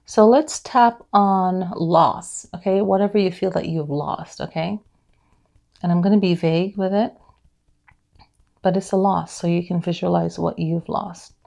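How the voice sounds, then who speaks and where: A woman leading a guided tapping class, explaining gently and then repeating soft affirmations for listeners to follow. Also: on the low side, unhurried, gravelly. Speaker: EFT tapping instructor.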